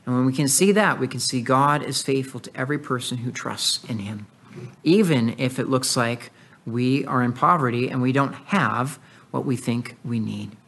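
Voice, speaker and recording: A man's voice: medium pitch, moderate pace, gravelly, a bit bright, slightly rough. A man preaching an earnest sermon, explaining and reading scripture aloud to his listeners. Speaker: pastor.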